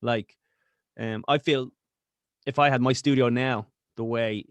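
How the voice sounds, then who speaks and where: A man's voice: medium pitch, fairly even intonation, a little slow, clear, resonant tone, no room sound, lo-fi sound. An Irish man, a podcast guest, chatting casually and profanely over a video call, laughing often. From Ireland.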